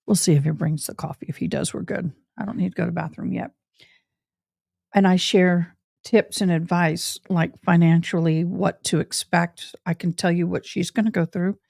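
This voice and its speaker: A middle-aged woman talks casually and personally to her livestream audience. Her voice sits fairly low. The sound is dry and close, with no room echo. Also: vocal fry, a little mellow. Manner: chatty, personal, addresses viewers directly. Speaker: livestream host.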